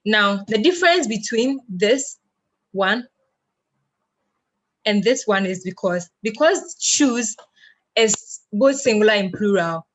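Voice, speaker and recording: A woman's voice: mid-range voice, fairly bright tone. Patient woman teaching a language lesson. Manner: patient, explains step by step, asks and answers own questions.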